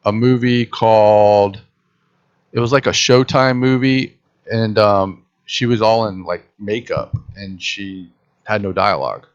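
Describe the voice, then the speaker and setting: A man's voice: on the low side, measured pace, clear, resonant tone. A man telling a story in a casual podcast chat, acting out what people said. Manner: animated storyteller acting out quotes. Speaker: podcast host. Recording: dull lo-fi sound.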